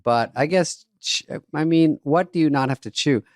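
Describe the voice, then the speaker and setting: A man co-hosting a podcast in casual comedic chat, with deadpan wisecracks. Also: on the high side, normal speed, no room sound, clean studio sound. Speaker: podcast co-host.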